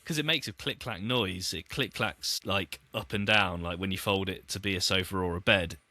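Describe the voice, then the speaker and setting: Podcast co-host, male, Leicester accent, sharp bright voice, dry close mic, meandering chatty delivery. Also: sits low, moderate pace, no echo. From Leicester area, England. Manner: chatty, meandering, trails off into asides. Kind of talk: casual chat.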